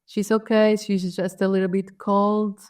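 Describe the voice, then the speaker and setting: A woman's voice: medium pitch, flat delivery, measured pace, darkish tone. Portuguese woman telling a story with hesitation. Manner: hesitant, many fillers and restarts, searching for words. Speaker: guest artist. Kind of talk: reflective storytelling in an interview.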